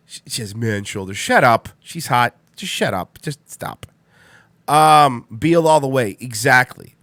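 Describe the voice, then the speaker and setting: A man's voice: medium pitch, fairly bright tone, dry recording. A man in his thirties hosting a livestream radio show, rambling in casual chat, repeating himself and swearing bluntly. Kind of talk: casual solo stream chat.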